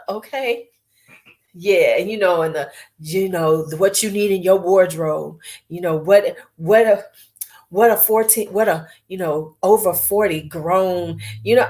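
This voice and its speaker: A woman talks casually to her viewers. She is blunt and animated, and she pokes fun at herself as she goes. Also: on the low side, slow pace. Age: 40s. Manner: blunt, animated, profane, self-mocking. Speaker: beauty vlogger. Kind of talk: casual chat.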